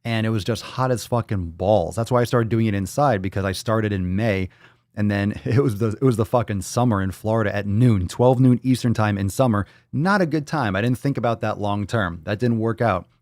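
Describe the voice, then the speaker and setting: Low-voiced profane podcast host, dry sound. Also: male voice, fairly quick, a little mellow, dry recording. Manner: loose and profane, reads chat comments aloud. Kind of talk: casual livestream chat. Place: indoors at home.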